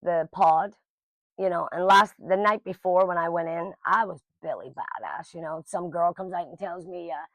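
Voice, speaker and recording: A woman's voice: on the low side, moderate pace, dry recording. A middle-aged woman telling a personal story to camera in a casual, blunt and emotional way. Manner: emotional, blunt, lively quoting of others.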